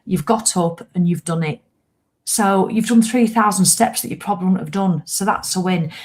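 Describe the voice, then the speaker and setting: A woman's voice: on the low side, normal speed, a little mellow. A woman hosting a casual live walking-challenge chat, encouraging viewers in a chatty way and acting out their grumbles. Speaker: host of a walking challenge livestream.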